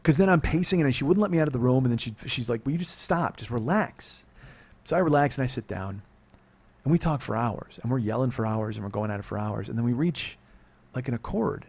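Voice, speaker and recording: With vocal fry and a darkish tone, a middle-aged Californian podcast host speaks in an animated mid-range voice at a quick pace. He rambles and swears through a long personal story in a confessional monologue, often cutting himself off mid-sentence.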